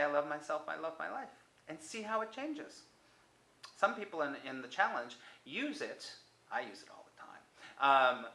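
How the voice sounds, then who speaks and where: A man giving a motivational self-help talk to the viewer, coaxing and repetitive, sometimes dropping to a soft near-whisper. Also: fairly high pitch, reverberant, poor audio.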